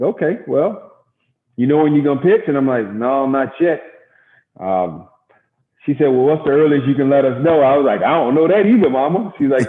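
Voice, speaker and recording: A middle-aged man from Gary, Indiana, a former baseball pitcher, telling stories in a casual interview and acting out quotes. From Gary, Indiana, USA. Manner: animated storyteller acting out quotes. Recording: echoey, tinny phone-like sound.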